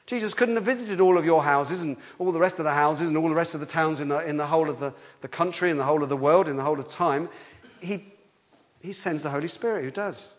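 A man preaching a sermon in a lively, conversational way, often restarting his sentences. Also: on the high side, quick pace. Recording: long hall reverb.

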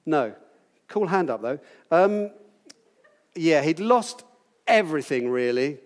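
A man's voice: a little high, expressive, slow pace, in a large hall. A man in his sixties, possibly from Britain, teaching a Bible passage to a group in a chatty, playful way, quizzing his listeners as he goes. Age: 60s.

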